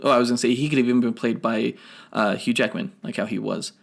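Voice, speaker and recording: A gravelly, steady male voice of medium pitch delivers a quick-paced, casual film review as a podcast co-host. He wanders off on tangents, fixes his own statements, and gets into nerdy specifics.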